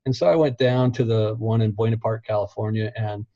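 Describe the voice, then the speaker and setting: A man's voice: on the low side, fairly even intonation, fairly quick, dark tone, dry recording. Laid-back man on a muffled line. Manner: laid-back, laughs often while talking. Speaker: interview guest. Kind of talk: casual interview chat. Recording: dull, muffled recording.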